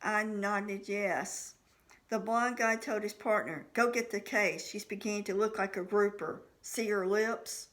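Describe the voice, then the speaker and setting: A woman's voice: mid-range voice, measured pace, fairly bright tone. A woman reading her own novel aloud in the first person, voicing the dialogue of each character. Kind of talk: audiobook narration.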